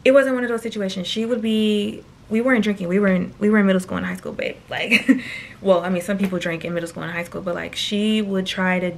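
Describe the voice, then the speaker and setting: A woman's voice: medium pitch, fairly even intonation, fast talker, creaky, a little hiss or hum. A woman in her twenties telling a personal story to camera in a chatty, slangy way, often turning aside to address viewers. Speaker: storytime vlogger.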